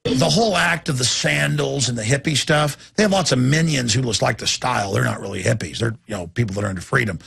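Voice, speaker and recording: A man's voice: mid-range voice, fast talker, fairly bright tone, dry recording. A middle-aged man hosting a talk show, ranting intensely and acting out voices as he goes. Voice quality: gravelly. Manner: intense, acts out voices mid-rant. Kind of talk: impassioned talk-radio rant.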